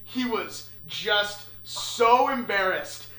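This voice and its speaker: A young man casually telling a funny story, animated and swearing, acting out the people in it. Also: high voice, drawn-out words, crowd noise. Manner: animated, swearing, acts out voices. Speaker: podcast host. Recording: echoey room with faint noise.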